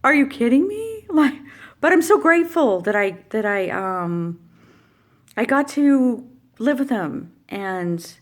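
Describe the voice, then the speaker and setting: A woman's voice: medium pitch, expressive, takes it slowly. A middle-aged woman telling a heartfelt personal story in a vlog, rambling and emotional, with many fillers and restarts. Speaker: vlogger.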